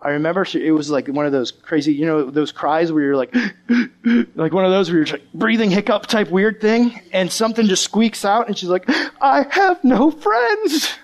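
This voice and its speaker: Male preacher, high-pitched, animated sermon storyteller who acts out the voices. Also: fairly quick, hardly any pauses. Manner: animated, acts out the voices of the people in his stories. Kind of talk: storytelling sermon to a live audience.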